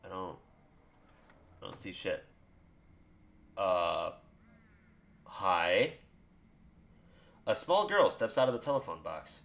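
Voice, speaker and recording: A man reading a visual novel aloud as a player, animated and laughing between lines. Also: sits low, slow pace, vocal fry, pauses often. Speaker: game player narrating.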